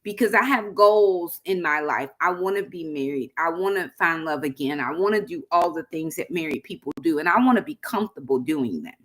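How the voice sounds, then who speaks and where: A woman's voice: deep voice, expressive, fairly quick, hardly any pauses. A middle-aged woman chatting casually to viewers on a livestream, addressing them as y'all. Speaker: vlogger hosting a livestream.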